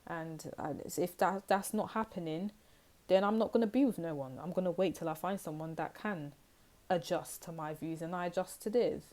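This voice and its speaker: A young British woman gives a casual tarot reading, her voice on the low side with a darkish tone and a moderate pace. She's chatty and rambling, acting out little scenes as she explains the cards.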